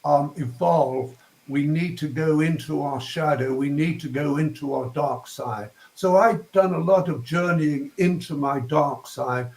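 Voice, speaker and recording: A man's voice: fairly high pitch, unhurried, a little mellow, reverberant, poor audio. An older man with a posh southern English accent, a guest talking reflectively and searching for words with ums and restarts. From England. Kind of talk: reflective interview talk.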